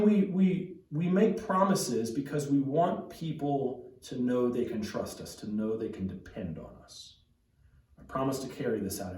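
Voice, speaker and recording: A man's voice: mid-range voice, a little mellow, echoey room, far from the mic, rough recording. A man preaching a sermon as a pastor, talking in a conversational way with frequent restarts and asides. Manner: conversational, with many restarts and tag questions. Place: church.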